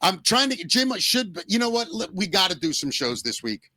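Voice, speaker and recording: Emotional podcast host with a bright voice. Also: male voice, sits high, big pitch swings, normal speed, no echo. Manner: emotional, heartfelt, swears freely. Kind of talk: casual chat.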